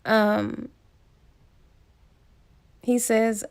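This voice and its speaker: A woman's voice: fairly high pitch, takes it slowly, gravelly. A woman casually retelling a romance novel's plot as a book reviewer, chatty and full of asides.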